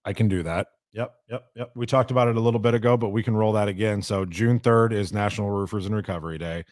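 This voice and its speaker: A man's voice: fairly low pitch, fairly even intonation, fast, no echo, studio quality. A man hosting a live show, chatting casually, crude and joking, swearing freely. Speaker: podcast host.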